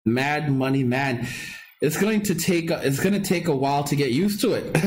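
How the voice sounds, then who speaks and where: A man's voice: a little high, animated, normal speed, a little hiss or hum. A man hosting a casual live stream, rambling and repeating himself as he chats with viewers and reads their comments. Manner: rambling and repetitive, with frequent restarts and laughs. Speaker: livestream host.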